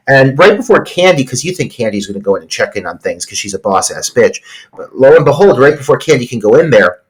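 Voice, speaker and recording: A man co-hosting a casual film podcast, recapping scenes in an excited, emphatic way. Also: medium pitch, rough recording. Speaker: podcast co-host.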